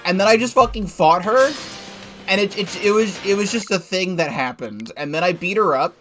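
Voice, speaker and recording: A man's voice: high voice, expressive, moderate pace, fairly bright tone, soft background music. Young man rambling over his gameplay. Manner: rambling, swears casually, laughs at himself. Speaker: let's play gamer. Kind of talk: casual game commentary.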